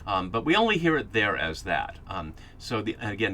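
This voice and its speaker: A man's voice: lowish voice, very animated, normal speed, sharp tone, slight background noise. A man hosting a podcast, giving a Bible study lecture that explains passages and thinks aloud as he goes. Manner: thinking aloud with fillers and restarts.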